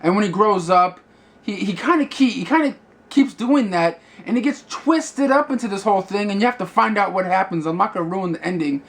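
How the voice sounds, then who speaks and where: Casual male movie reviewer, higher voice, loose and rambling, lots of fillers. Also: fairly quick. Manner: rambling, many fillers and restarts.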